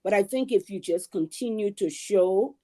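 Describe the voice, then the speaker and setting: A woman from Liberia speaking on a livestream panel, explaining her view in a measured way. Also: medium pitch, dark tone.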